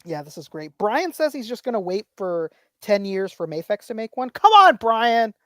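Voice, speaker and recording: A woman's voice: mid-range voice, animated, moderate pace, darkish tone, dry recording, studio quality. Rambling woman hosting a casual chat. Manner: rambling, repeats phrases. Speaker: podcast host reading viewer chats. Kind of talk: casual toy-collector chat.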